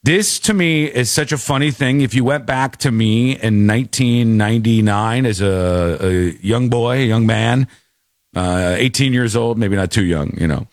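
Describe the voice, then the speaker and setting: A man's voice: mid-range voice, normal speed, no room sound, studio quality. A man in his forties hosting a show, joking and incredulous in casual commentary. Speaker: host.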